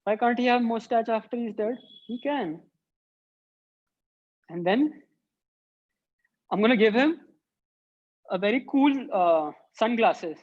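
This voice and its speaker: A woman's voice: a little high, expressive, slow pace, pauses often, muffled recording. A woman who teaches an online drawing workshop for children and thinks aloud as she sketches. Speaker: art teacher.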